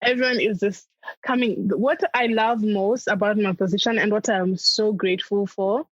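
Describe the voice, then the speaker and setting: A young adult comedian, appearing as a guest in a casual interview, chats animatedly, laughs often, and acts out her family in quotes. Her voice is medium in pitch at a moderate pace, recorded with no room sound and the highs cut off.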